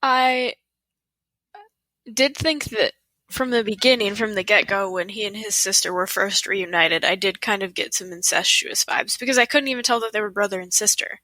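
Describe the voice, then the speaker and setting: A woman's voice: mid-range voice, normal speed, sharp tone, no echo, rough recording. A woman co-hosting a podcast, chatting casually about a film, giggly and often hesitant as she restarts her thoughts. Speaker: podcast co-host.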